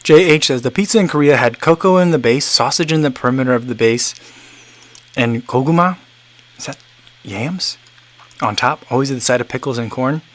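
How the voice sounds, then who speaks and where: A man in his thirties hosts a relaxed livestream and reads out viewer comments. He rambles along casually, restarting sentences and leaning on fillers. His voice sits at an ordinary middle pitch. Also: fairly quick. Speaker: livestream host.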